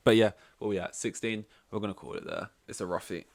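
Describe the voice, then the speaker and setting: Male solo podcast host, lowish voice, rambling and joking, dead-dry recording. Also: animated, a little fast, gravelly, no room sound. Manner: rambling, self-interrupting, joking asides. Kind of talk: casual solo podcast chat.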